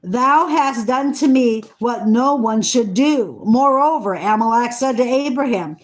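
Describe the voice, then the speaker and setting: A woman slowly reading scripture aloud, earnest, stumbling over hard names and adding eager comments of her own. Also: fairly high pitch. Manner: excited asides about the text. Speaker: Bible reader.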